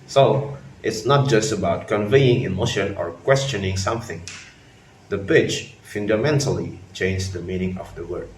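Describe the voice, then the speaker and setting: A man presenting a linguistics lesson in a measured, explanatory way. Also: on the low side. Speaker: student presenter. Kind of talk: class presentation. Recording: roomy, from a distance, faint noise.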